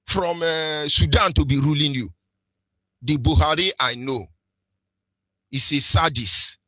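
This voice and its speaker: This radio presenter, a man with a Nigerian accent, offers fiery political commentary in a sharp, forceful voice pitched a little high. Preaching at a measured pace with long pauses, he drives home rhetorical questions in a sing-song lilt. The sound is close, dry, and free of echo.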